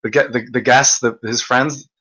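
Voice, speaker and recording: Bright-voiced man rambling in a casual rant. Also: mid-range voice, fairly even intonation, rough recording. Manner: rambling, halting, laughs often. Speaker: podcast host.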